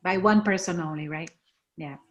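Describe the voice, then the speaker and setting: A woman's voice: fairly low pitch, normal speed, lo-fi sound. A woman moderating a panel discussion, putting questions to the speakers in a friendly, slightly hesitant way.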